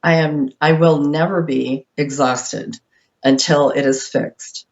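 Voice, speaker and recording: A woman answering questions as a radio guest, earnest but halting, with many ums. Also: low voice, fairly even intonation, gravelly, a little mellow, highs cut off. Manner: hesitant, many fillers, earnest. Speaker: guest activist.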